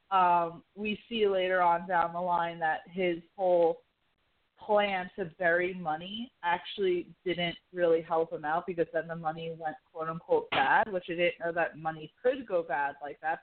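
Woman, casual podcast chat, rambling storyteller, lowish voice, phone-like sound. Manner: rambling, filler-heavy storytelling. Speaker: podcast co-host. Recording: tinny phone-like line.

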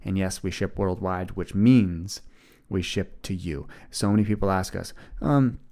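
A man's voice: sits low, fairly even intonation, normal speed, darkish tone. A man in his twenties talking alone on his podcast, earnest and rambling as he encourages his listeners. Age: 20s. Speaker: podcast host. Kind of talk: casual solo podcast monologue.

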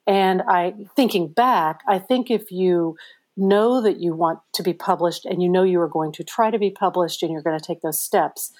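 A middle-aged woman, an author being interviewed, telling her story in a chatty, animated way with many fillers. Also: lowish voice, normal speed. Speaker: author guest. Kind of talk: conversational interview answers.

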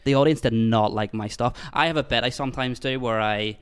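Male comic, mid-pitched, self-deprecating chatter. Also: fairly even intonation, fairly quick, smooth. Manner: self-deprecating, rueful storytelling. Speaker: stand-up comedian. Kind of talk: casual podcast chat.

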